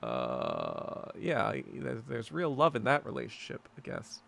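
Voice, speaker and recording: A New York man hosts a casual podcast chat, reading and answering viewer comments in a rambling, sarcastic rant full of swearing. His medium-pitched voice is a bit bright and a little slow, with vocal fry and huge pitch swings.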